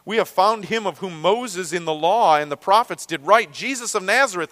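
A man's voice: high voice, normal speed, few pauses, fairly bright tone, big-room sound. A man with a Great Lakes American accent teaching a Bible lesson, talking conversationally with frequent fillers and restarts.

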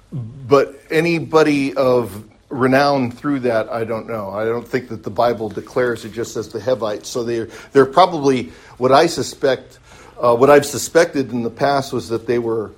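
A man of middle pitch leading a Bible study, stopping and restarting his sentences with many fillers. He answers a class member's questions politely. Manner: polite, answers with "yes, ma'am".

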